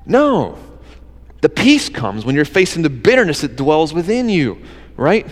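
Earnest high-voiced male preacher. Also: very animated, moderate pace, fairly bright tone, big-room sound. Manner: earnest, conversational preaching with rhetorical questions. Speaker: pastor. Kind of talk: sermon.

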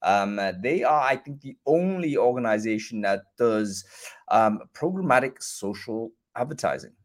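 A man hosting a live online show, chatty and filled with ums and uhs, talking from a room by a bright window. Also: mid-range voice, animated, moderate pace. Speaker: host.

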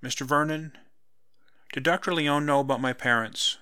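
A man's voice: fairly high pitch, normal speed, bright, forceful tone, clean tone, no echo, studio quality, pitched above the performer's own voice. A man voicing a wary, questioning young woman in a hesitant, searching manner.

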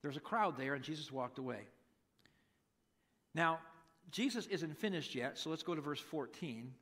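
A man's voice: a little high, lively intonation, moderate pace, fairly bright tone. Conversational male pastor preaching. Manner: conversational, acts out quotes animatedly. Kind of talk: sermon.

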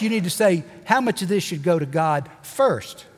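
Animated pastor in a reverberant church. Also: male voice, high voice, normal speed, husky. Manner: folksy, animated preaching with joking asides and repeated emphasis. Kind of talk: sermon. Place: church sanctuary. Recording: long reverb of a church hall.

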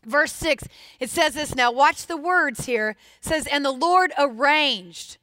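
A woman preaching a sermon, expressive and putting questions straight to her listeners. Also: sits high, takes it slowly, no room sound, studio quality.

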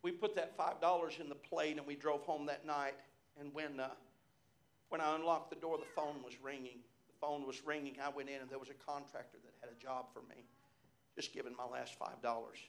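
A man's voice: a little high, steady tone, fairly quick, slight background noise. A middle-aged man preaching a sermon as pastor, telling personal stories and punctuating his phrases with repeated amens. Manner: personal storytelling from the pulpit.

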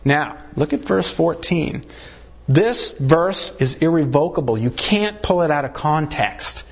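A man's voice: unhurried, gravelly, breathy edge. A man preaching a sermon, acting out short exchanges and punching key words for emphasis. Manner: animated preaching, swings pitch widely for emphasis; acts out short dialogues between God and a sinner. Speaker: pastor.

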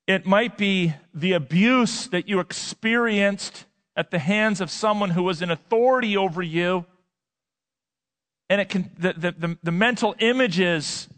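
A male pastor preaching a sermon, emphatic, swinging between loud and quiet and repeating words for effect. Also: sits high. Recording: long hall reverb.

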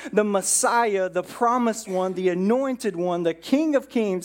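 Casual conversational pastor preaching. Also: male voice, high voice. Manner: casual, keeps checking in with "right?", acts out dialogue. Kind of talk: conversational sermon.

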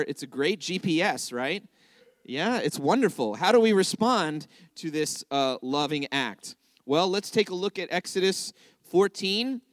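A man with a fairly high voice leads a congregation through a lively sermon, talking to them in a casual, back-and-forth way. The sound is dry and close, with no room echo. He keeps asking his listeners to follow along and join in. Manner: conversational, checks in with listeners often. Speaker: congregational teacher. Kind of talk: interactive sermon teaching.

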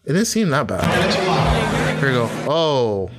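Animated man reacting with a friend. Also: a little high, takes it slowly, very noisy. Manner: animated, laughing, mimics people in quoted asides. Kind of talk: casual reaction commentary.

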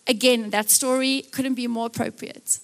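A woman preaching a live church sermon, acting out Bible scenes in lively voices. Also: on the high side, moderate pace.

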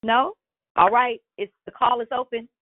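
On a tinny phone line, the host of a church prayer call speaks in a warm, encouraging, preacherly cadence. Her fairly high voice stays steady at normal speed, with no echo.

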